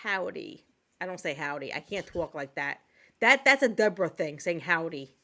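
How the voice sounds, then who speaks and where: A woman's voice: fairly low pitch, expressive, normal speed, bright, forceful tone. A woman hosting a casual live stream, greeting viewers by name and teasing her co-host with frequent laughter.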